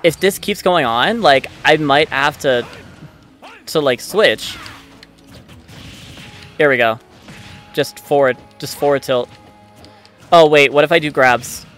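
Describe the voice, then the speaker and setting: A man giving live commentary on his own gameplay, excitable and frustrated, swearing often. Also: fairly high pitch, slow, long pauses. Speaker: let's play gamer. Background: faint game music.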